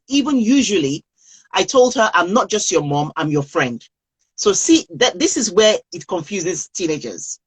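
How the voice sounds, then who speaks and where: A woman's voice: medium pitch, breathy edge, rough recording. A woman coaching parents on a live video call, speaking earnestly and repeating key phrases for emphasis.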